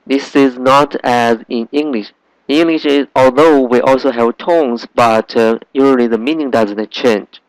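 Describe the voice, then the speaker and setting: A man teaching a language lesson, patiently repeating sounds slowly for learners. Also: medium pitch, dry recording, rough recording. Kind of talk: slow classroom lesson.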